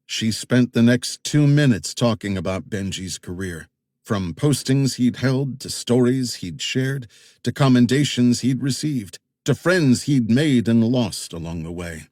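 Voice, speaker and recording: A man narrating a thriller audiobook in a measured, suspenseful reading. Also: medium pitch, a little mellow, dry recording, clean studio sound.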